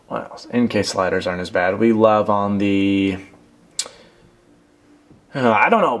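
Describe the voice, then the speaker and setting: A young man talking casually through a product review, telling a rambling self-deprecating story while handling a phone case. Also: lowish voice. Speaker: tech reviewer.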